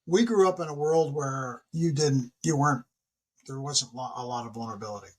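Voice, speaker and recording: Husky man around 60, animated storyteller. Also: fairly quick. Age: about 60. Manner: animated storyteller who acts out dialogue with big pitch jumps. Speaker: podcast guest, retired military leader. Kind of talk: casual interview conversation.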